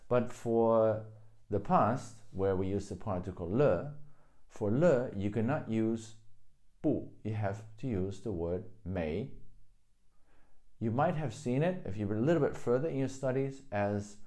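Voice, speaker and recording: A man's voice: lowish voice, animated, measured pace, warm tone. A man teaching a video language lesson, explaining grammar patiently and repeating each example phrase.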